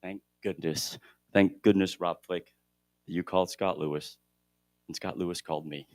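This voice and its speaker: A middle-aged man giving a motivational keynote at a conference, shifting between loud emphasis and hushed moments. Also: sits low, fairly even intonation, moderate pace, no room sound, studio quality. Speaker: keynote speaker at a real estate conference. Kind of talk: motivational storytelling speech. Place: conference hall stage.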